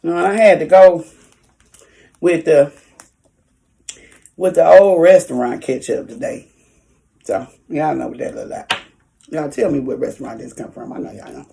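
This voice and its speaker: A woman's voice: low voice, fairly even intonation, measured pace, vocal fry, long pauses, warm tone. A woman talking casually to her viewers in an eating vlog, chatty and folksy, chewing while she talks. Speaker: food vlogger.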